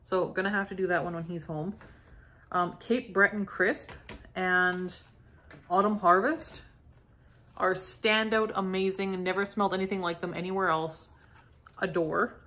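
A middle-aged woman from Canada chatting casually as she unboxes and sniffs candles, gushing softly and lingering over each scent. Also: on the low side, fairly even intonation, a little slow, pauses often. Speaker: candle review vlogger. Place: home.

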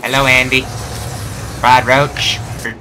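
A man's voice: medium pitch, level tone, slow, noisy background. A young man doing playful, sarcastic game commentary, rambling and joking at the screen. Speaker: gamer doing a let's play.

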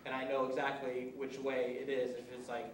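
A man's voice: mid-range voice, completely flat delivery, fairly quick, a little hiss or hum. A male police officer giving an informal workshop lecture, rambling and conversational with many restarts and acted-out examples. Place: college classroom. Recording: echoey room, mic far off.

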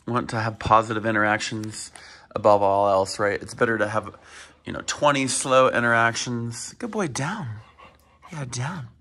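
A man at home calmly explaining how he introduces his dog to his cat, often checking in with "right?" as he coaches. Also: lowish voice, moderate pace. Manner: soft-spoken, frequently adds "right?" while coaching pets. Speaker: dog owner training his dog. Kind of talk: casual explanatory vlog. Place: home indoors with pets.

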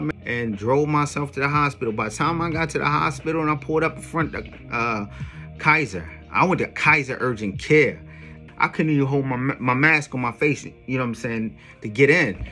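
A man speaks straight to his viewers in a loose, slangy monologue, swearing freely and punching key moments with emphasis. His tone is bright and forceful, with faint music sitting low behind him. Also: normal speed. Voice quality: streetwise slang with frequent "yo" and profanity. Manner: animated, emphatic retelling. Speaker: songwriter vlogger. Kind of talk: casual storytelling monologue.

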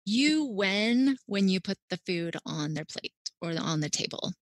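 A woman's voice: medium pitch, lively intonation, a little slow, dry recording. A woman dietitian, a podcast guest, giving upbeat parenting advice in casual chat with frequent "like".

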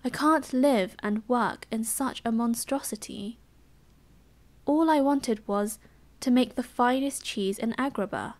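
An earnest, worried cheese seller played by a woman in whispered role-play. His lines come in a fretful British English accent. The delivery is slow and a little high. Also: lightly acted. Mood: dismayed. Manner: plain, fretful.

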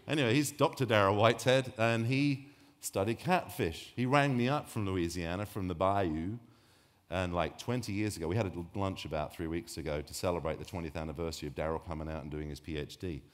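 A man's voice: low voice, brisk. A man giving a public science talk on sharks, rambling and joking, often breaking off mid-sentence. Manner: rambling, jokey, self-interrupting. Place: lecture hall. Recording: long hall reverb.

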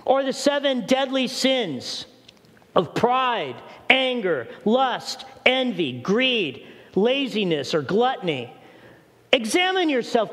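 Male pastor, high tenor, emphatic sermon delivery, echoing sanctuary. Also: sing-song, slow, fairly bright tone. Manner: preaching with acted prayers and rising emphasis. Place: church sanctuary.

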